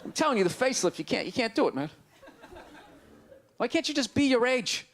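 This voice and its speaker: A man in his forties doing a loud, exasperated, mocking stand-up rant on a club stage with a handheld mic. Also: very high-pitched, big pitch swings, brisk. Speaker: stand-up comedian. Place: comedy club stage before a live audience. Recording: live club recording with crowd laughter and noise.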